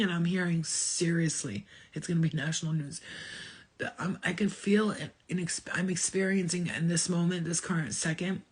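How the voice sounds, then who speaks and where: A woman's voice: low-pitched, breathy edge. A woman giving a channeled spiritual message in a rambling, emotional way, with casual swearing. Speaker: spiritual reader.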